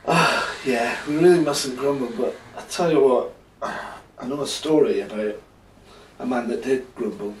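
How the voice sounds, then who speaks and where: Brief: man, slow and playful bedtime storyteller, roomy sound from off mic. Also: mid-range voice, recorded from a distance, a little hiss or hum. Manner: chatty, playful, talks to listener.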